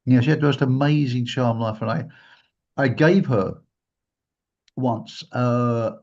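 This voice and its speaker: A man telling a personal story during a talk, animated and acting out the lines of the people he quotes. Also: mid-range voice, unhurried. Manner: animated, acts out quotes in a raised voice. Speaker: guest speaker. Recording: dull lo-fi recording.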